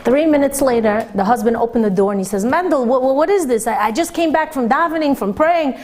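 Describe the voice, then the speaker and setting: Animated woman storyteller, lively pitch. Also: a little fast. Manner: animated storyteller, acting out quoted voices with big pitch jumps. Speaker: rabbanit teaching Torah. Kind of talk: storytelling talk.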